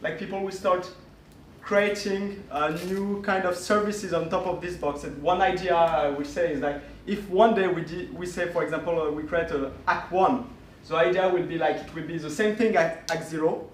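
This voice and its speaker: A man presents at a conference with a fairly high voice. He talks in a halting way, with many fillers and restarts. The sound is roomy and distant, with faint room noise behind him. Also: fairly even intonation. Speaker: conference speaker. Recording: echoey room, voice from far off.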